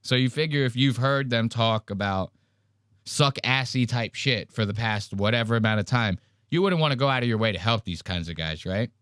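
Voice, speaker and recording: A man hosting a podcast, telling a story in casual banter with crude, animated mocking impressions. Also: medium pitch, moderate pace, clean tone, no echo, studio quality. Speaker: podcast host.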